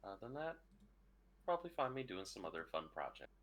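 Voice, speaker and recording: A man gives his sign-off and lists where to find him, sounding relaxed and a bit tired. His voice is very deep yet moves around expressively, and it has a bright edge. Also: fast talker. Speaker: player. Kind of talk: casual stream outro.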